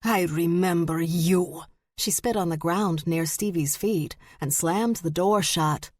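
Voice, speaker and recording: A woman narrates an audiobook slowly and deliberately. Her voice is low and unhurried, and the recording is dry and close. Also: dry recording. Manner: measured and deliberate. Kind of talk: scripted narration.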